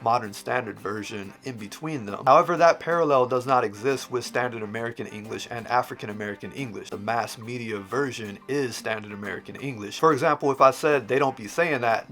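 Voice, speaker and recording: A man's voice: mid-range voice, fairly bright tone. A man who teaches language, patiently explaining points and demonstrating examples in an educational vlog. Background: prominent background music.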